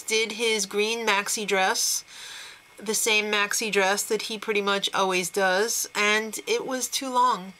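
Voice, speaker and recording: Casual female recap host, bright and forceful tone, opinionated chatter with frequent laughs. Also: fairly high pitch, low-quality recording.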